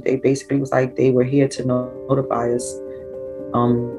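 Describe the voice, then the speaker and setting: A woman's voice: very deep voice, moderate pace, music in the background, low-quality recording. A middle-aged woman, a bereaved mother, telling her story in raw, emotional testimony. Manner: raw, emotional storytelling with animated quoted voices. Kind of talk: personal testimony.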